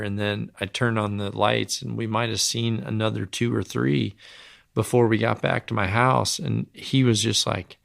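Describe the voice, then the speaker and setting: A man who is a guest in a casual interview, telling relaxed stories and acting out what others said. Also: lowish voice, normal speed, gravelly, no echo, studio quality. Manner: relaxed storytelling, acts out quotes. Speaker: guest, professional archer.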